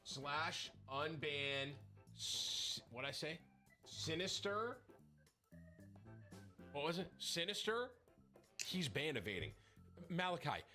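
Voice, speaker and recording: Bright, sharp-toned male streamer reading chat messages aloud with mocking commentary. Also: on the high side, very animated, takes it slowly, long pauses, faint music behind. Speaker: game streamer.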